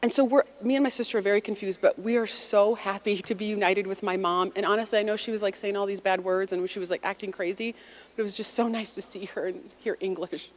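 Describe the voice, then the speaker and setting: With a medium-pitched voice and a fast delivery, a US woman in her forties tells listeners a personal story. She's animated and conversational, playing out each quote.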